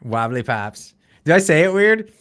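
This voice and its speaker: A man's voice: fairly high pitch, big pitch swings, moderate pace, fairly bright tone. A Canadian man with a mild accent, chatting casually on a livestream and reading viewer comments aloud. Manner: rambling, restarts, reads chat aloud. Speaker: livestream guest, political YouTuber.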